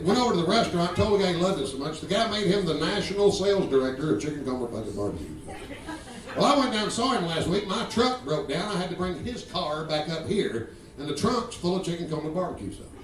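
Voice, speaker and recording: Speaking at a quick pace with lively intonation, a man in his fifties with a voice on the high side performs profane stand-up with crowd work, poking fun at the audience and telling drawling stories on a club stage. Slight background noise, guitar and laughter come through the roomy, distant recording.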